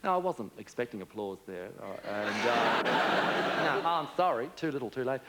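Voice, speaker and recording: A man's voice: mid-range voice, lively intonation, normal speed. An Australian man performing a camp stand-up comedy monologue in a big TV studio, chatty and swooping between put-on voices. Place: large TV studio with a laughing audience. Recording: loud studio audience laughter and noise.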